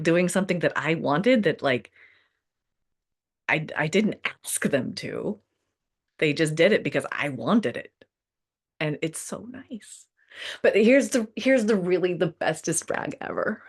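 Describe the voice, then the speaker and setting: A woman's voice: lowish voice, very animated, unhurried, husky. Chatty woman host, laughing often. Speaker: podcast host. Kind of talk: casual conversation.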